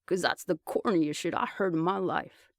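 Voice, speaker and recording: A brash young man who ribs his friend without mercy and brags with easy confidence, voiced by a man reading aloud. His voice sits fairly high for a man, with a dry, close sound. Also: steady tone, moderate pace, vocal fry, no echo. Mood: teasing. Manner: teasing, blunt. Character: cocky teasing young man, a survivor.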